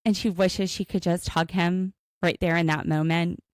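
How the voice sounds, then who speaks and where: A podcast co-host, a woman with a fairly low pitch and moderate pace, recaps a reality show in relaxed conversation. Her storytelling is animated, and she acts out the cast's lines; there's no echo.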